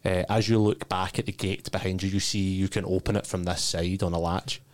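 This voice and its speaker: Low-voiced male game master narrating. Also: a little fast. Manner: descriptive, relaxed, many fillers.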